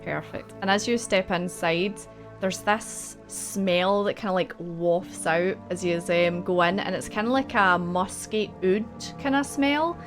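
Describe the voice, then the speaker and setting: A woman's voice: fairly low pitch, unhurried, faint music behind. A woman narrating as game master in a casual, rambling way full of fillers.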